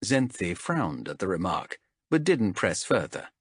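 A man narrating a fantasy audiobook in a measured, expressive storytelling manner. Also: deep voice, breathy edge.

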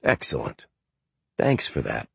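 A man voicing a genial, bored, middle-aged American thug who talks in a low-key, affable way. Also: measured pace, husky, no echo, exaggerated voice. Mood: bemused.

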